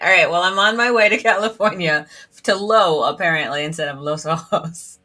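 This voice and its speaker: A woman's voice: fairly low pitch, normal speed, sharp tone, soft background music. A woman streaming a story game, reading its dialogue aloud in a chatty, giggly way, filling her talk with "like". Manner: giggly, chatty, fills speech with "like".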